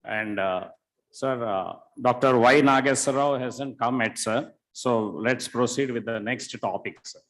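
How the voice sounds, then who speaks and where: A man's voice: mid-range voice, a little slow, rough recording. A man, announcing speakers at a conference in a formal, courteous way. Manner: formal, courteous, repeats sir. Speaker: master of ceremonies. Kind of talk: stage announcements.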